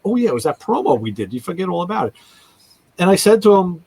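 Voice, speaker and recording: A man's voice: high-pitched, quick pace, slightly rough, poor audio. A man hosting a casual radio talk show, telling stories and acting out callers' voices. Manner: animated storyteller, acts out callers' voices.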